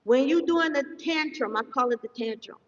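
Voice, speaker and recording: A woman giving a live-streamed meditation lesson as a spiritual teacher, talking fast and checking in with her listeners often. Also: high voice. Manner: fast-talking, says so herself; instructive, checks in often with "okay?". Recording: distant, echoey, dull sound.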